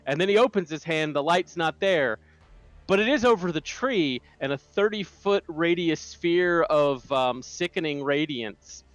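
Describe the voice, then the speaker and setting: A man playing a tabletop game, describing his character's spell in halting, filler-heavy bursts that turn vivid. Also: fairly high pitch, expressive, dry recording. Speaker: player.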